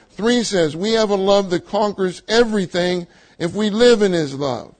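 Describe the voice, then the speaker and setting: A man's voice: sits high, moderate pace, rough recording. An older man preaching a sermon to a meeting, emphatic, repeating his key phrases and laughing lightly between points.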